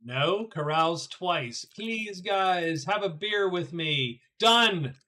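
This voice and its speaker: A man's voice: fairly high pitch, animated, slow pace, pushed and bright. A middle-aged man streaming a solo board game, chatting casually with viewers as he thinks aloud, often stumbling and repeating words. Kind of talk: casual live-stream chat while playing a board game.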